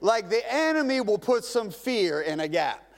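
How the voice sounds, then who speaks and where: Guy pastor preaching, kinda high voice, big echoey church hall, chatty and animated. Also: normal speed. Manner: lively, conversational preaching with rhetorical questions. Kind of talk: sermon. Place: large church sanctuary.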